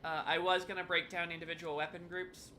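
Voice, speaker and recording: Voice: medium pitch, level tone, brisk, bright, forceful tone, slight background noise. A new streamer chatting casually during live online matches, often apologizing and laughing along. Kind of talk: casual live gameplay commentary.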